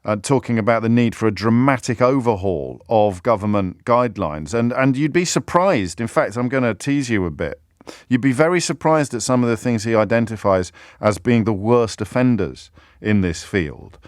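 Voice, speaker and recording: A man's voice: fairly low pitch, animated, normal speed, no room sound. A man hosting a radio phone-in from a studio, talking in a chatty, self-mocking way with frequent restarts and repeated words. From Britain. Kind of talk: talk radio monologue. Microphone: studio microphone.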